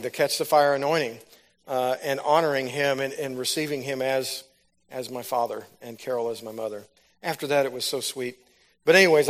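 A man giving a sermon, telling a personal testimony that builds into fervent preaching. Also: mid-range voice. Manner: storytelling, rises to loud fervent preaching.

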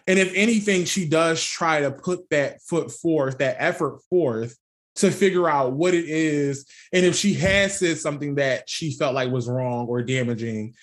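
A young man co-hosting a podcast, telling a personal story in casual chat, candid and swearing freely with frequent laughs. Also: on the high side. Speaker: podcast co-host.

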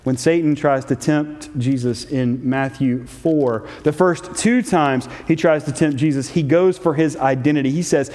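A man preaching at an unhurried, deliberate pace, his voice pitched a little high. His sermon carries a solemn, measured weight as he reads scripture and leans on key phrases. A long reverb trails after his words, as in a large hall. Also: a little mellow.

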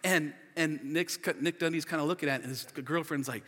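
A man in his forties preaches with a high, ringing voice, lively and chatty, laughing as he goes and scattering fillers through his talk. His voice carries a long reverb, as in a large church sanctuary. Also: brisk. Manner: energetic, chatty, laughs often, many fillers. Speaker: pastor. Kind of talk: sermon.

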